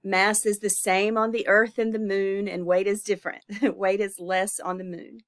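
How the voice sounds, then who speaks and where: A woman's voice: mid-range voice, flat delivery, normal speed. A woman instructor recording a lecture, her voice stuffy and congested from illness, speaking informally with fillers and self-corrections.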